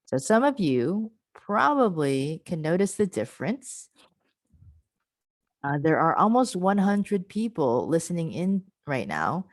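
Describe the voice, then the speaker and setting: A woman's voice: sits low, sing-song, measured pace, pauses often, dry recording, rough recording. A woman presenting an online pronunciation workshop over a video call, patiently modelling and repeating example words and encouraging participants.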